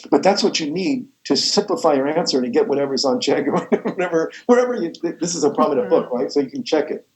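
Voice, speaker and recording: A man's voice: on the high side, animated, fast, roomy sound, rough recording. A man lecturing a math class, rambling and correcting himself as he goes, with the odd chuckle. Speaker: math professor.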